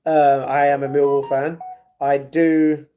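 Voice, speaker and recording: A man's voice: on the high side, flat delivery, slow pace, muffled recording, a little hiss or hum. A young man from England chatting casually on a livestream, reading out comments and answering them, often repeating his phrases. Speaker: live streamer.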